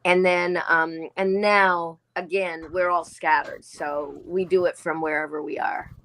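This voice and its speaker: A woman's voice: lowish voice, flat delivery, measured pace, fairly bright tone, a little hiss or hum. A woman in her sixties, originally from Australia, talking as a guest actor in a casual interview and telling chatty stories full of quoted asides.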